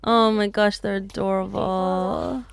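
A woman's voice: mid-range voice, little pitch movement, takes it slowly, vocal fry. A woman hosting a K-pop reaction video, gushing and exclaiming as she watches, with casual chatter and frequent laughs. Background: show audio playing underneath.

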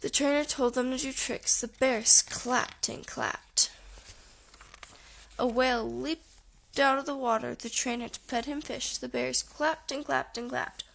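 A woman reading a children's storybook aloud softly, sometimes near a whisper. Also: high voice, steady tone, unhurried, vocal fry. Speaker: audiobook reader.

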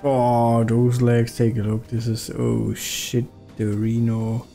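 A man giving excitable gameplay commentary, swearing and laughing as he plays. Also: medium pitch, slow pace, creaky, faint music behind. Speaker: gaming YouTuber.

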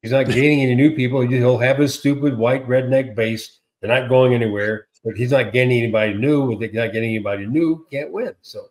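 A man co-hosts a casual political talk show in an animated, sarcastic manner. He piles up repeated words and slips into mocking quotes. His voice sits at an ordinary middle pitch. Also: fast, few pauses. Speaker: co-host.

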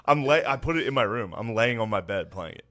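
A man's voice: lowish voice, animated, a little fast, bright, forceful tone. A young man hosting a comedy podcast, telling a family story in casual, crude slang and laughing often. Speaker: podcast host. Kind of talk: comic storytelling chat.

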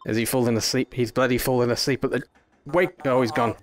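A man giving mock-pompous, deadpan commentary while trolling players in a VR game. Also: medium pitch, fast. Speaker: gaming YouTuber. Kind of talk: comedic VR gameplay commentary.

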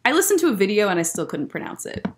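A woman's voice: medium pitch, racing, noisy background. A young woman, a children's librarian, chatting to young children and reading a picture book aloud at a library story time. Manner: animated, bouncy delivery. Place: in a public library.

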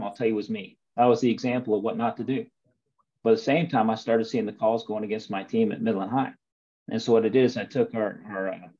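A man with a lowish, darkish voice hosts a webinar for soccer coaches, keeping the coaching talk casual. He's folksy, tells stories, and asks questions, all captured on muffled lo-fi audio.

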